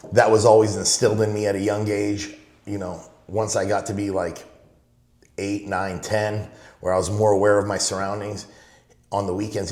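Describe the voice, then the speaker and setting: A middle-aged man from Los Angeles speaks in a low voice as a podcast guest, winding through memories in a casual, rambling way. He often falls back on "you know" while he retells what his father used to say. The room around him has a noticeable echo. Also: a little mellow. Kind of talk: casual storytelling.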